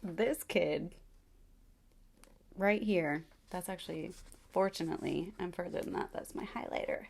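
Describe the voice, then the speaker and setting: A woman in a casual, animated chat to camera as a book reviewer, gushing over her favourite reads. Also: fairly low pitch, measured pace, gravelly, long pauses, breathy edge.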